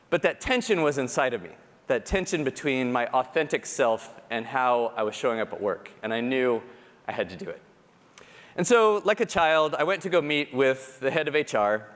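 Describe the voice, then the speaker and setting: A man giving a keynote talk, telling personal stories in an animated, self-deprecating way and acting out the people he quotes. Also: medium pitch. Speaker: conference speaker. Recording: long hall reverb.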